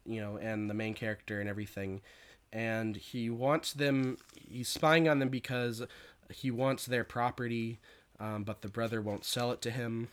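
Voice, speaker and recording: A man's voice: medium pitch, a bit bright, smooth. Casual male podcaster, rambling plot recap, filler-heavy delivery. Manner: rambling, many fillers and restarts.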